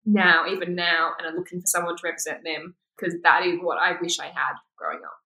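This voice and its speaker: A woman's voice: fairly low pitch, fairly quick, sharp tone, echoey room. A woman, a guest talking candidly in a casual interview and laughing often. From Australia. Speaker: guest, former pageant winner.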